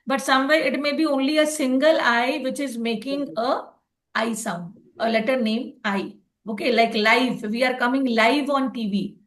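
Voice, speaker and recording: A woman's voice: sits high, a bit bright. A woman teaching a phonics lesson online, explaining patiently and checking in with "okay" often.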